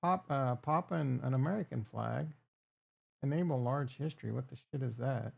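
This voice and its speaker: A man's voice: medium pitch, normal speed, vocal fry, slightly rough, no echo, muffled recording. A man hosting a casual livestream, rambling and crude as he jokes with his chat. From Upper Midwest. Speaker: livestream host.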